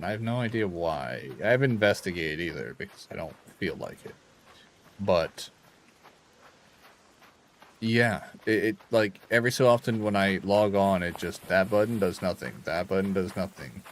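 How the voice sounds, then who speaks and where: A tired man talks his way through a game stream in a low voice, half to himself and half to his viewers. His commentary is loose and rambling. A faint hum of ambience sits behind him. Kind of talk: casual live gameplay commentary.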